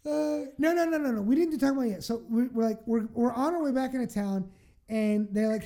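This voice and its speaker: Woman, mellow, fairly high voice, cussing, laughing storyteller in casual chat. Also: fast. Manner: animated, profane, laughing storyteller.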